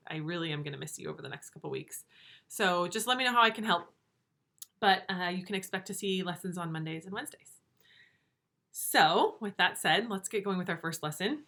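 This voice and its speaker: A woman teacher giving a remote reading lesson to young pupils, slow and clear, encouraging. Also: lowish voice, bright, forceful tone. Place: home room with a whiteboard.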